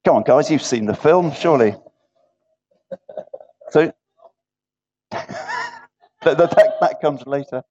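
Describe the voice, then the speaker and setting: A man's voice: on the high side, lively intonation, slow, long pauses, a little mellow. A man preaching an interactive sermon in a church gathering. He keeps asking the listeners questions and checks in with repeated "yeah". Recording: dull lo-fi recording.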